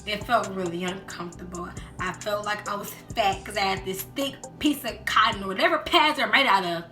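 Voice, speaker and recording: A young woman chatting casually in a storytime vlog, acting out quotes in lively voices. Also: medium pitch, fairly quick. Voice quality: animated, acts out quotes in voices. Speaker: vlogger. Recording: roomy echo with background music.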